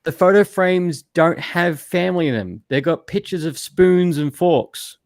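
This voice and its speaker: A man's voice: high-pitched, a little slow, no echo, clean studio sound. A man hosting a podcast, chatting casually over a video call in a rambling, ranty way, with some swearing. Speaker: podcast host. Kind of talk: casual chat.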